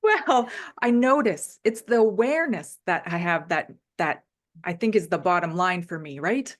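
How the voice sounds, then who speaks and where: A woman's voice: on the low side, expressive, normal speed. Reflective woman hosting a casual interview. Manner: supportive, reflective, laughs easily. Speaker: interview host.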